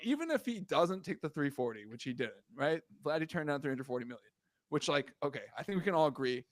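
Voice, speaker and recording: A man's voice: fairly high pitch, no room sound. A man co-hosting a casual sports podcast, ranting, swearing and exasperated as he talks through the news. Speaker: podcast co-host.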